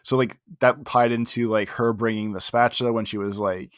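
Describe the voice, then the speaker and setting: A man co-hosting a podcast, retelling scenes in a lively, casual way and swearing freely. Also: medium pitch, moderate pace, dry recording, clean studio sound. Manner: animated storyteller, casual with swearing. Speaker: podcast co-host. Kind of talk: casual chat.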